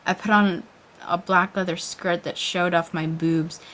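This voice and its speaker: A woman's voice: fairly low pitch, steady tone, a little slow, a bit bright. A young woman giving a mock-dramatic reading of a fan story, with a wry, overdone delivery and sarcastic asides. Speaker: reader.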